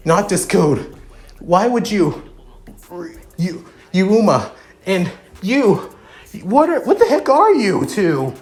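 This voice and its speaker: A man's voice: high-pitched, very animated, takes it slowly, pauses often, reverberant, voice pushed up, heavily acted. A man voicing a startled teenage schoolboy who blurts out panicky, baffled exclamations.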